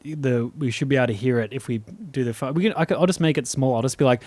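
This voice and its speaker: A man's voice: mid-range voice, quick pace, few pauses, a little mellow, no echo. Eager man reacting on a dry mic. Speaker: comedy podcast co-host. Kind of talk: casual chat.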